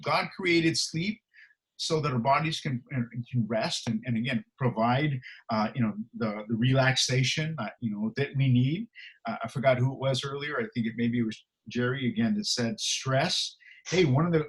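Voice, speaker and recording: A man's voice: medium pitch, low-quality recording. A middle-aged male pastor giving a conversational sermon, earnest and emphatic, with frequent fillers and restarts.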